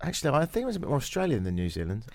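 A man's voice: mid-range voice, huge pitch swings, rapid-fire, creaky, no echo. Brief: young man, radio host, jokey and riffing, very dry sound. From England. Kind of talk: casual radio chat.

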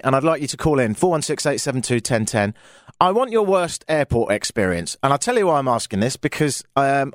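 A man's voice: mid-range voice, no room sound, clean studio sound. A British man hosting a talk radio show, telling rambling stories with wry, exasperated asides. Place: radio studio.

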